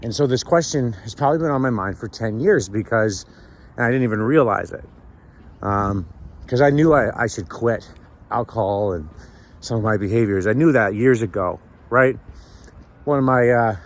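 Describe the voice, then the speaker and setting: Speaking at a normal pace in a voice on the low side, a sober vlogger talks through his morning walk along a city street at sunrise. He rambles reflectively, with frequent restarts and "right?" tags.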